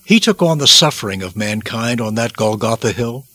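A man's voice: medium pitch, lively intonation, moderate pace, sharp tone, no room sound. A man preaching a devotional sermon, dramatic and emphatic, repeating phrases for weight.

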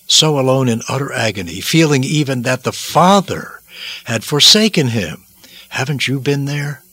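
Husky, forceful male preacher. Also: mid-range voice, no room sound. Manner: dramatic, solemn delivery with repetitions and sudden swells. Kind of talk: sermon.

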